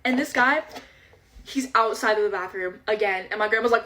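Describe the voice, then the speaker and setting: A teenage girl casually telling a storytime, chatty and animated, acting out the dialogue. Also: fairly high pitch, fast. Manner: chatty, animated retelling full of quoted dialogue.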